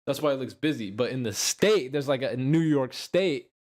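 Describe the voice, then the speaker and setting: A man's voice: mid-range voice, expressive, a little mellow. A young man from California with a Californian accent, chatting casually with friends, rambling and swearing. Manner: rambling, swearing, drawn-out phrases. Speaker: friend in group chat. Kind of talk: casual chat.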